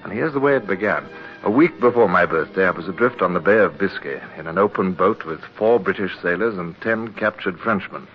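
A man's voice: low-pitched, expressive, a little fast, faint music behind. An actor playing an earnest, self-blaming young English midshipman who narrates and gives clipped commands in a 1950s radio drama. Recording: dull lo-fi old radio recording with faint noise.

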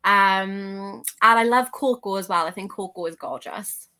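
A woman's voice: medium pitch, a little slow, bright, forceful tone, clear, resonant tone. A woman from Wales, a guest on an interview podcast, chatting in an upbeat, enthusiastic way. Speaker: guest collector. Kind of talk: casual interview chat.

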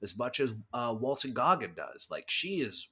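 Un hombre que copresenta un pódcast en una charla informal, bromeando y saltando a imitaciones. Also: male voice, mid-range voice, husky. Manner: animated, jokey, quick to slip into bits. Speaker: podcast co-host. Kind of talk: casual chat.

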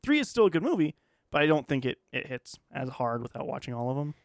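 A young man co-hosting a casual podcast, chiming in with quick jokey asides. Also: mid-range voice, very animated, vocal fry, dry recording, clean studio sound. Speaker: podcast co-host. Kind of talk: casual chat.

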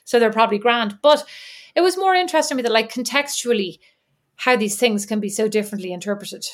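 Quick and on the high side, this Indiana podcast co-host chats casually, spinning stories loaded with fillers and asides.

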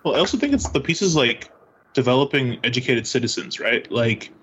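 A man's voice: medium pitch, very animated, brisk, a bit bright, slight background noise, poor audio. A male teacher speaking conversationally, peppering his sentences with "like" and "right.". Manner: conversational, keeps saying "like" and "right". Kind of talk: casual conversation.

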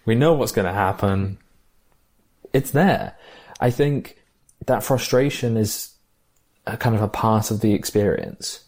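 A man's voice: on the low side, unhurried, darkish tone. A man chatting casually about a favourite film, enthusiastic and reflective. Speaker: film podcast co-host.

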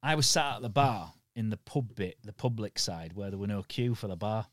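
A man's voice: fairly low pitch, fairly quick, dry recording, studio quality. A man with a Yorkshire accent, a podcast guest telling stories in casual conversation, blunt and sweary.

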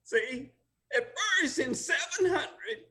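Older man, animated high voice, emotional, laughs while talking, slow pace. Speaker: guest. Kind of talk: oral history storytelling.

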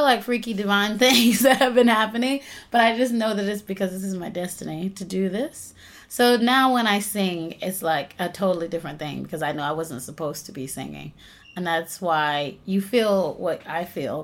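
A young woman from the United States, an actress and singer, chatting in an interview and telling stories with frequent laughter. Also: medium pitch. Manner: animated storytelling, laughs often. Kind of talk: casual interview chat.

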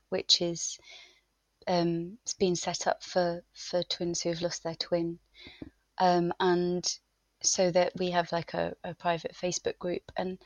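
A woman guest talking through grief in an interview, halting and searching for words, often emotional. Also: fairly low pitch, no room sound.

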